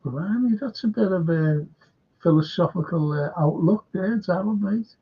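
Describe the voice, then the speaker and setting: An older man reads comments from fans aloud on a live stream and answers them casually, his high, slightly rough voice moving at normal speed. It's captured in dull, lo-fi stream sound.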